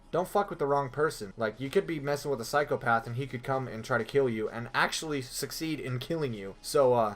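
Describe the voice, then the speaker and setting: A young man with a slightly high voice tells a story from his own life as a vlogger. He talks loosely and swears a lot. He keeps breaking into shrill, panicky voices to act out the people in it. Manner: animated, swearing, acts out scenes in high screaming voices. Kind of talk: storytime vlog.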